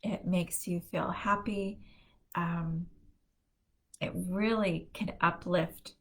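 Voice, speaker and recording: A middle-aged woman with a slightly low-pitched voice hosts a casual live stream. She talks in an easy, chatty way and often breaks into laughter as she tells family stories. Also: steady tone, takes it slowly. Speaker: host of a positivity live stream.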